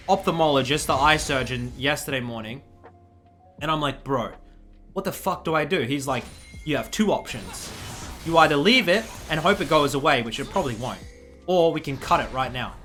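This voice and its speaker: A young man, telling a story to his stream in casual, swearing chat. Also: on the high side. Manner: swears a lot, animated retelling.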